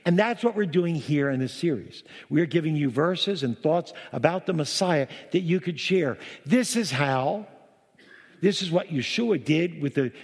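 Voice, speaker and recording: A man with a fairly high voice delivers a sermon to his congregation. He talks in an animated, chatty way and restarts his sentences often, and the sound trails off in a long hall reverb. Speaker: Messianic congregation leader.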